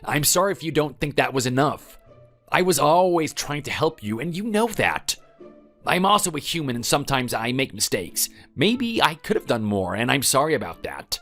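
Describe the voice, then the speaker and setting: A man plays a defensive husband in a texting-story drama. His mid-range voice rises and falls animatedly as he justifies himself and pleads. Soft music plays behind him. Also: mid-range voice, big pitch swings, normal speed. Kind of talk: text-message story dramatization.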